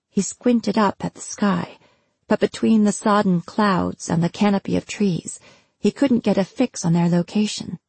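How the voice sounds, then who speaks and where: A woman narrating an audiobook in an even, measured reading. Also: medium pitch, gravelly, slightly rough, no room sound. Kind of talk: scripted narration.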